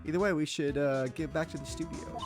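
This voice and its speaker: A man's voice: fairly high pitch, fairly even intonation, brisk, close to an everyday voice. A man reading aloud the lines of an eager young female sidekick in a video game, in an urgent, plain manner. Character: eager young woman spirit medium sidekick. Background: video game music.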